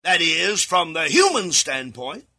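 A man preaching a sermon alone in a studio, reading scripture aloud and repeating key words, sometimes breaking into shouts. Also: fairly high pitch, sing-song, a little slow, husky. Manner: reads scripture aloud with verse references.

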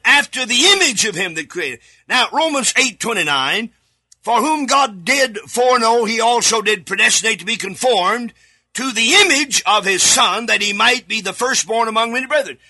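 A man preaching a sermon alone in a studio, reading scripture aloud and repeating key words, sometimes breaking into shouts. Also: high voice, breathy edge. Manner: reads scripture aloud with verse references.

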